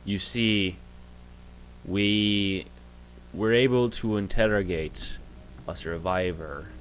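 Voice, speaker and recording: A calm, well-dressed storm giant, as a man puts him on, low and hushed. He speaks slowly and gravely in this tabletop game. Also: poor audio. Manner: slow, grave and quiet.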